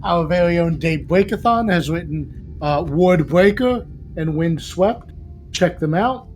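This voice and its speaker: A man tabletop player introducing himself casually, halting with many pauses and "uh"s. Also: a little high, animated, faint music behind, rough recording.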